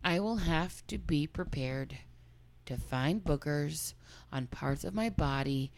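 A woman's voice: low-pitched, lively intonation, takes it slowly. Frank, profane podcast host woman. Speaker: podcast co-host reading a listener story. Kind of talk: casual comedic chat and story reading.

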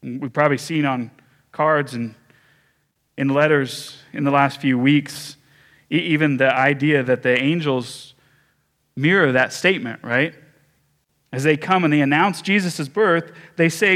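A man pastor preaching a sermon, telling a story with measured pauses and small restarts. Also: fairly high pitch, fairly bright tone.

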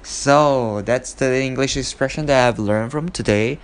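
A man hosting a casual English lesson, explaining an expression in halting, non-fluent English with many fillers and acted-out example lines. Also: medium pitch, clear, resonant tone. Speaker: host of an English expression podcast.

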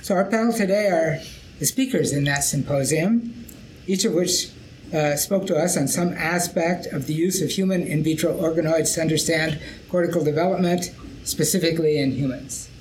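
A man hosting an academic panel podcast, speaking in a measured, thoughtful way with occasional fillers. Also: fairly high pitch, a little hiss or hum, rough recording. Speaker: podcast host.

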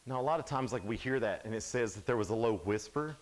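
A young adult man giving a casual, animated sermon at a youth camp, sometimes dropping to a hush. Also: medium pitch, quick pace. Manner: casual, animated storytelling, drops to hushed tones.

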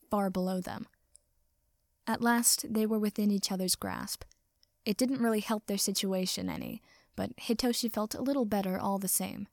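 A woman narrating fan fiction aloud in a measured, even storytelling voice. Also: medium pitch, no room sound, clean studio sound.

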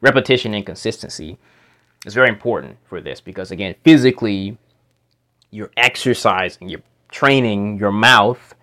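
A man teaching how to make a speech sound, explaining slowly and repeating practice words and sounds in a demonstrative way. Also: lowish voice, a bit bright. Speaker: pronunciation teacher. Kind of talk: instructional explanation. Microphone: home microphone.

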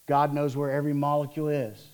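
Lively preaching pastor, a man. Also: a little high, quick pace. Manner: lively storytelling, acts out voices of disciples and Martha. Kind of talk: sermon.

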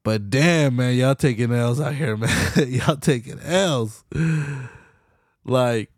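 Profane animated young man ranting. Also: mid-range voice, takes it slowly, no room sound, clean studio sound. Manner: profane, animated, slangy, laughs often. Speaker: podcast host. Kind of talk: casual solo podcast rant.

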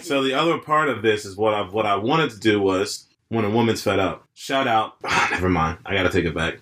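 A young man co-hosting a podcast in casual chat, laid-back and quick to laugh, with long rambling asides. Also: fairly low pitch, fairly bright tone. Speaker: podcast co-host.

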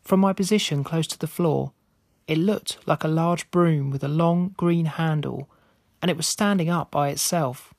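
A man reading a scripted spooky story aloud in a steady, measured way. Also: a little high, creaky, no room sound, studio quality. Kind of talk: scripted narration.

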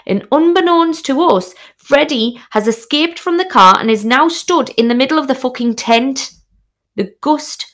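A woman's voice: mid-range voice, gravelly. A woman telling a frank, sweary, comic personal story as a podcast host.

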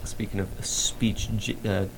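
A man's voice: fairly low pitch, level tone, measured pace, slight background noise. A man hosting a podcast in casual chat, rambling with lots of fillers and restarts. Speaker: podcast host.

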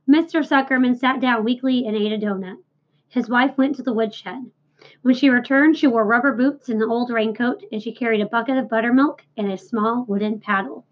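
A woman reading a children's novel aloud with clear, expressive narration. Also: fairly high pitch, a little fast. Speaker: reader. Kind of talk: storybook read-aloud. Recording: dull lo-fi recording.

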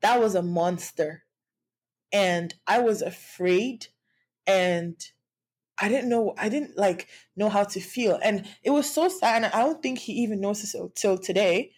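A woman's voice: mid-range voice, a little slow, a little mellow, husky. A young woman from Nigeria telling a personal story in a candid, conversational vlog, with frequent fillers and restarts. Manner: occasional laughs while speaking. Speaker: vlogger.

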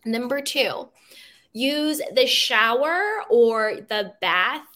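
A woman hosting a self-help podcast, talking gently and repeating affirmations, with many "you know" fillers. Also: a little high, animated, drawn-out words. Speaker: podcast host.

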